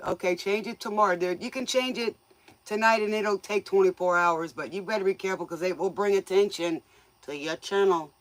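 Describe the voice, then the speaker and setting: Woman host for a casual livestream: folksy, teasing, quick to laugh, medium pitch, dry recording. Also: no room sound. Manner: folksy, joking, laughs often; scolds viewers playfully. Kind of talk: casual livestream chat with viewers.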